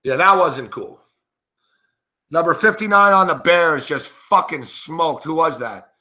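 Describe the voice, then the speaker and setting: A man's voice: a little high, unhurried, bright, forceful tone. A man hosting a sports betting show, giving live game commentary in an angry, profane, indignant rant.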